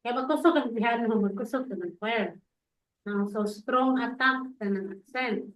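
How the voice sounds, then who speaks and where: A woman's voice: fairly high pitch, normal speed, fairly bright tone. A woman teaching music notes, casual and chatty, mixing languages and adding tag questions. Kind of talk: casual lesson, code-switching. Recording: echoey room, dull lo-fi sound.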